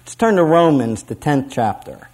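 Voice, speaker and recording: Emphatic preacher man, slightly high voice. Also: sing-song, moderate pace, darkish tone. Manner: emphatic, repeats key phrases, has the audience repeat lines. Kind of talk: sermon.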